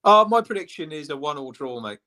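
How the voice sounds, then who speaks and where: A man's voice: on the high side, very animated, fairly quick, bright, forceful tone. An older man joining a fan livestream as a guest, talking in a hearty, matey way. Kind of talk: casual livestream chat.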